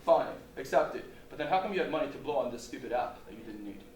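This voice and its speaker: A man's voice: mid-range voice, lively intonation, quick pace, darkish tone, a little hiss or hum, natural voice. A man voicing a probing divine judge. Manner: probing, matter-of-fact questioning. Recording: roomy hall, distant mic.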